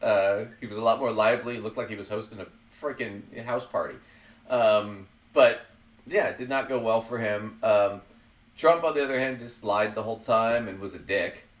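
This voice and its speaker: A man's voice: on the low side, moderate pace. Man host, casual politics chat, blunt and profane, laughs at his own digs, set back from the mic in an echoey room. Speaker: podcast host. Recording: roomy sound, far from the mic.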